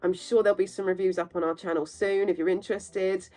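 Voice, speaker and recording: A woman's voice: medium pitch, quick pace, rough recording. Chatty woman hosting film news. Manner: chatty, animated and opinionated, with asides. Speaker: movie news host. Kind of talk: casual film news roundup.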